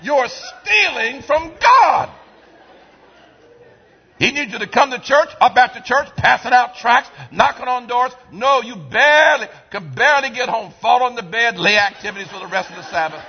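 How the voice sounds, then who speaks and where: A man preaching a sermon in a church, swinging from quiet asides to shouted lines in a call-and-response style. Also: very high voice, fairly quick, vocal fry, few pauses, slightly rough, lo-fi sound, a faint crowd. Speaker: pastor. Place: church sanctuary.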